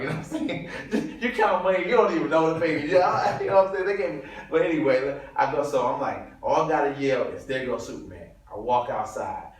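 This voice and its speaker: A man from Detroit tells a story as an interview guest, slangy and animated with frequent laughter. His voice sits at an ordinary middle pitch. He sounds distant from the mic in a very echoey room. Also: fairly quick, few pauses. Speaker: guest comedian.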